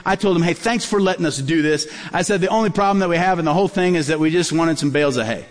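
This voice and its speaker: A pastor with a slightly high voice preaches fast, animatedly telling stories in his sermon and acting out their dialogue. A long hall reverb surrounds the recording.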